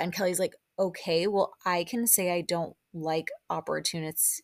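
A woman's voice: lowish voice, steady tone, unhurried, no echo. Chatty woman recapping a show, dry close sound. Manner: chatty and exasperated, acting out quotes in raised voices. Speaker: podcast host recapping a reality show. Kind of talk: casual recap chat.

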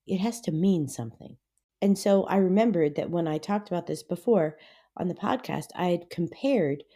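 A middle-aged woman hosting a Christian podcast, telling a story in a chatty, rambling way that turns animated as she retells it. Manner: chatty storytelling, lots of "like" and "anyway"; grows animated and high-pitched when retelling. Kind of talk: devotional podcast talk.

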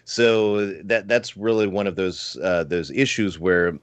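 Man, low voice, dry close sound, earnest and halting, guest on a livestream call. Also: steady tone, clean tone, no echo. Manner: earnest, halting, many restarts and fillers. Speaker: panel guest. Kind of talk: casual discussion on a livestream panel.

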